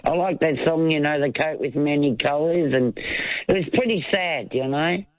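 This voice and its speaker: A man's voice: a little high, normal speed. A man calling in to a talkback radio show, chatting along with plenty of fillers. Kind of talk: phoned-in radio chat. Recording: muffled phone line.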